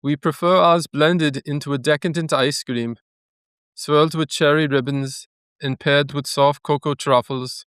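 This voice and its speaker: A man's voice: fairly high pitch, fairly even intonation, unhurried, fairly bright tone, smooth, no echo, studio quality. A man reading a product blurb aloud in a playful, hammy mock Danish accent.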